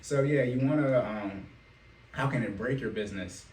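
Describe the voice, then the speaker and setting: A man hosting a casual podcast and working as a financial coach, telling animated stories and laughing often. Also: mid-range voice, normal speed. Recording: echoey room, mic at a distance, faint noise.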